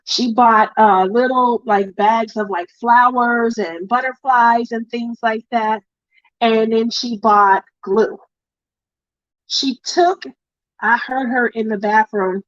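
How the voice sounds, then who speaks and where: A middle-aged woman runs a crafting livestream, reading viewer comments in casual chat and sharing a heartfelt family story in a chatty, emotional way. Her voice is on the high side, with fairly even intonation and a slow pace, and the lo-fi recording has no echo.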